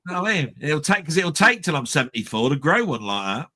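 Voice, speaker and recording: A man's voice: on the high side, very animated, fast talker, pushed and bright, no room sound, clean studio sound. A man from the south of England hosting a live stream, joking and rambling in casual chat. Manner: joking, rambling, prone to mock rants.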